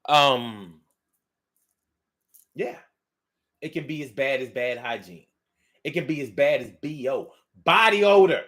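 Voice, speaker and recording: A man's voice: mid-range voice, takes it slowly, pauses often. A man from Philadelphia with a Philly accent, talking casually as host of a monologue show, repeating phrases and drawing out words. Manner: animated, repeats phrases, drawls words for effect.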